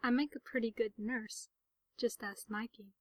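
A woman's voice: a little high, steady tone, measured pace, dry recording. A woman reading an anxious, protective young man. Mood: tender.

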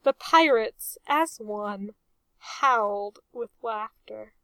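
Slow, amused woman reading a story. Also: a little high, pushed and bright, no room sound. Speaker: narrator.

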